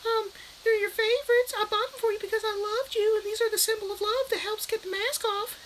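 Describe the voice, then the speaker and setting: A man putting on a high falsetto voice to play a rambling, doting mother in a comic book review. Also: steady tone, fairly quick, a bit bright, slight background noise, poor audio. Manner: high falsetto, sing-song, cooing. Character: doting, rambling mother, middle-aged woman.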